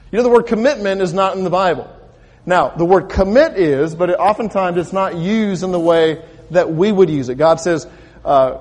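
A man's voice: high voice, darkish tone. A male pastor preaching a sermon in a conversational way, asking the congregation rhetorical questions and often repeating words as he builds a point. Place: church sanctuary. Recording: long reverb of a church hall.

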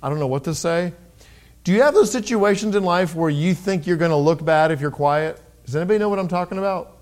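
Conversational preacher, a man with a higher voice. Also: a little mellow. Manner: conversational, pauses and restarts, reads scripture in raised voice. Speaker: pastor. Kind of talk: sermon.

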